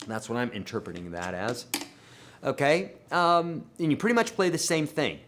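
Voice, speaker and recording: A man of ordinary pitch takes viewer questions on a live guitar stream. He talks casually and emphatically, pushing some lines out loud and dropping others low. He calls his viewers friends and folks. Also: normal speed. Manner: animated and emphatic, with sudden swings in loudness and pitch. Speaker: guitar teacher hosting a live Q&A.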